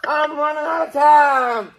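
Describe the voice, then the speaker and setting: A man playing a confused, defiant man who insists on his calling, shouting in a noisy clip. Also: very high-pitched, measured pace, voice pushed up. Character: man lost in himself, stubbornly claiming a calling. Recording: noisy video clip playback.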